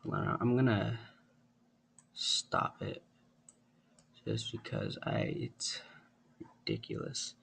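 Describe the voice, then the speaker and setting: Gravelly low-voiced man, offhand tutorial. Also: wildly swooping pitch, slow, pauses often, a bit bright, a little hiss or hum. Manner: offhand, thinking aloud. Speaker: tech tutorial host. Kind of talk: casual screen-recorded tutorial.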